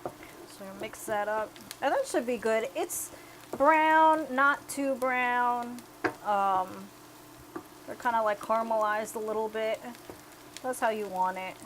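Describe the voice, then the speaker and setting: A woman's voice: a little high, a little slow, pauses often, a little hiss or hum, poor audio. A young woman cooking in her home kitchen, chatting casually and explaining each step as she goes. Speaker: home cook.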